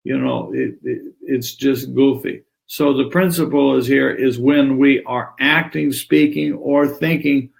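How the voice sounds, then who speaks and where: A man teaching yoga philosophy in a relaxed conversational way, acting out little dialogues as he explains. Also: medium pitch, measured pace, vocal fry, hardly any pauses. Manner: animated, acts out little dialogues.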